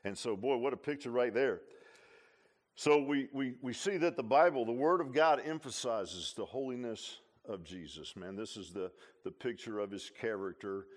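A man preaching a sermon. He swings between loud, emphatic lines and low, quiet asides, often repeating and restarting phrases. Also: normal speed.

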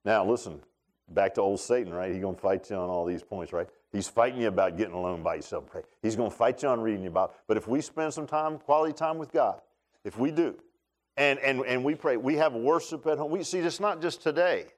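A male pastor preaching a sermon in a church, folksy and animated, dropping into low asides and rising to high shouts while talking straight to the congregation. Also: fairly quick.

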